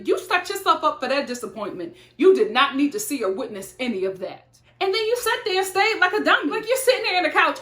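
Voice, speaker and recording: A woman's voice: high voice, a bit bright, roomy sound. A woman reviewing a TV show in blunt, sassy casual chat, talking straight to her viewers.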